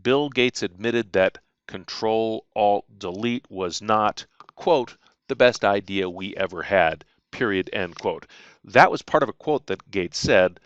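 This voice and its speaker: A man's voice: on the low side, measured pace, clear, resonant tone, no echo, highs cut off. A man teaching punctuation in a recorded lecture, reading out example sentences along with their punctuation marks and stressing the rules. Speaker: writing instructor.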